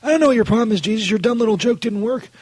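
Guy putting on a whiny cussing saint, way high and husky, keeps yelling jesus. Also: racing, dry recording. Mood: indignant. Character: crude irritable man playing a saint, who calls everything bullshit.

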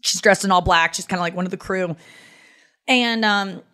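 A woman hosting a podcast, telling a story in a chatty, animated way, full of "like" fillers and wry self-mockery. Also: mid-range voice, moderate pace. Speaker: podcast host. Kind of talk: casual comedic storytelling.

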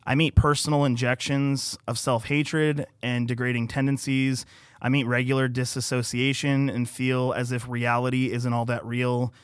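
A man's voice: mid-range voice, clean tone, no echo, clean studio sound. A man who engineers a podcast, speaking earnestly and reading his own heartfelt writing aloud in casual conversation. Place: podcast studio.

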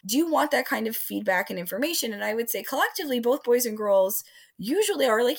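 A woman who is a sex educator and relationship coach, talking in an interview, with lively delivery and frequent acted-out quotes. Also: on the high side, fairly quick, breathy edge. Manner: expressive, acts out quoted voices. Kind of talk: animated interview talk.

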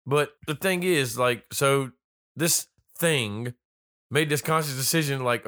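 A man's voice: mid-range voice, slow pace, fairly bright tone. A man co-hosting a casual chat, blunt and skeptical, swearing freely and riffing jokes. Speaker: podcast co-host.

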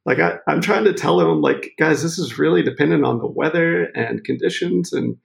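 Gravelly animated storyteller man. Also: a little high, moderate pace. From Maine. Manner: laughing, animated storyteller acting out quotes. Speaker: photographer guest. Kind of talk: casual interview storytelling.

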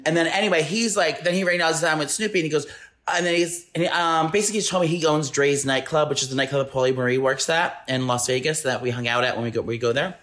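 Animated male storyteller. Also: on the high side, fast talker. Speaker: podcast co-host. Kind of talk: casual chat.

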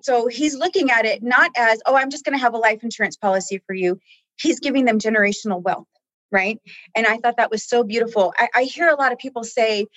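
A woman's voice: a little high, a bit bright, dry recording, low-quality recording. Earnest, heartfelt woman guest. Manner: heartfelt, tearful at times, earnest. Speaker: staff member guest. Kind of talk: emotional conversational interview.

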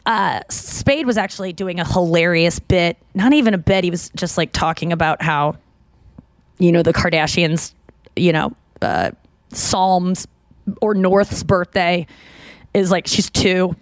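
A woman's voice: fairly low pitch, a little slow, no room sound. A woman hosting a podcast, chatting casually and rambling with lots of fillers and restarts. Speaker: podcast host. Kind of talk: casual chat.

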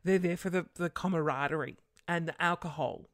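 A woman's voice: fairly low pitch, fairly quick, dry recording, studio quality. A woman hosting a casual solo podcast late at night, rambling and sarcastic, muttering curses under her breath. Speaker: podcast host.

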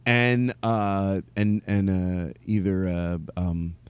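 Rambling man, slow mock-angry comedy. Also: slight background noise. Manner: rambling, swings between mock anger and silly falsetto singing. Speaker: comedy podcast host. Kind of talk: improvised comedy monologue with sung bits.

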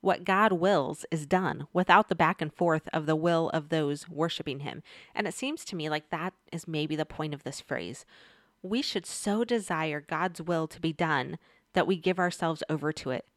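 Woman doing a casual bible lesson, kinda low voice, chatty, asks her viewers stuff, dry sound. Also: normal speed, dry recording. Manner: chatty, speaks straight to viewers with questions. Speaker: Bible teacher. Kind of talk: casual devotional teaching.

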